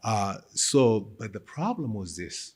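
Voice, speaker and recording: Middle-aged guy, kinda low husky voice, animated storyteller on a podcast. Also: slow. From Ethiopia. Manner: animated, retells conversations, frequent fillers. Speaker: guest, company founder.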